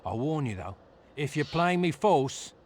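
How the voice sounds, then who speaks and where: A man's voice: a little high, very animated, unhurried, slight background noise. An actor playing a snarky, greedy male bard anti-hero in a video game, with dry, mocking quips. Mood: sardonic.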